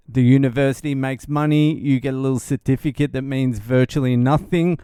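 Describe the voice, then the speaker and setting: A man's voice: medium pitch, steady tone, a little fast, hardly any pauses, warm tone, smooth, no echo, studio quality. A man hosting a podcast, talking in a rambling, sardonic and profane way and laughing at his own jokes. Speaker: podcast host. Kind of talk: casual monologue podcast.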